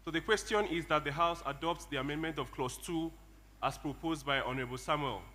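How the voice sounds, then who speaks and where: A man presides over a legislative session in a bright, slightly high voice, moving briskly from clause to clause. His voice rings out with a long reverb in a large chamber over a faint hum. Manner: brisk, calls out clauses one by one, light teasing. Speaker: presiding chairman of a model assembly. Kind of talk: formal chairing of a legislative session.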